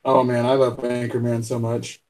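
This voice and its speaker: A man's voice: mid-range voice, monotone, normal speed, a little mellow, rough recording. A man co-hosting a casual podcast chat, chatty and laughing his way through stories.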